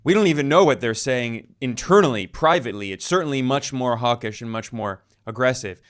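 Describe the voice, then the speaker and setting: A male journalist reading a scripted news report in a measured, emphatic way. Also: medium pitch, animated, a bit bright. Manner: measured, emphatic delivery with quoted passages.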